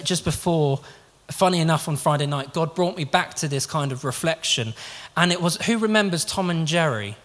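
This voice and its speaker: A man preaching a sermon in an earnest, conversational way, often restarting his sentences. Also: on the high side. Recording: long reverb of a large hall.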